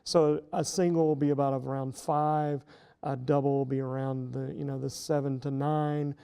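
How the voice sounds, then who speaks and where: Middle-aged guy, kinda gravelly and mellow, explains stuff with lots of ums and restarts. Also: medium pitch, little pitch movement, moderate pace. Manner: explanatory, many fillers and restarts. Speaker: professor guest. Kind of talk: casual interview talk.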